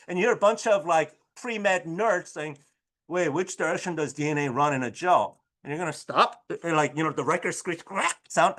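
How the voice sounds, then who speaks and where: A man teaching a high school chemistry class and telling stories, with an animated delivery that keeps asking the students "right?". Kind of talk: classroom lecture with storytelling.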